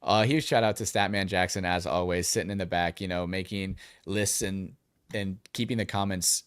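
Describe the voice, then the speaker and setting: Man, podcast co-host, low voice, dry close sound, energetic rambling chat. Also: normal speed, clear, resonant tone, dry recording. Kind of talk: casual sports podcast chat.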